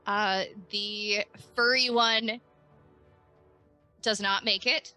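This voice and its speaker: A woman's voice: medium pitch, steady tone, drawn-out words, sharp tone, faint music behind. A woman running a tabletop game as game master, hesitant with lots of fillers. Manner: hesitant, many fillers, giggly.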